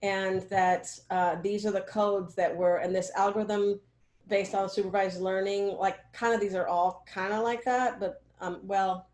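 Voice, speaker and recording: A woman's voice: medium pitch, flat delivery, a little slow, darkish tone, echoey room. A woman mentoring students in a casual meeting on a video call, rambling with many fillers and often checking that they follow. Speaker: research mentor.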